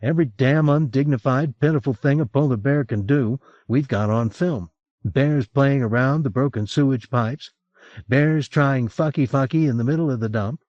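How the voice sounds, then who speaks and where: A man's voice: mid-range voice, normal speed, darkish tone, dry recording, pitched above the performer's own voice, natural voice. A man voicing a crude, mocking male crew member in an audiobook. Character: loose-talking male photographer's assistant, crude and mocking. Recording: dull lo-fi cassette recording.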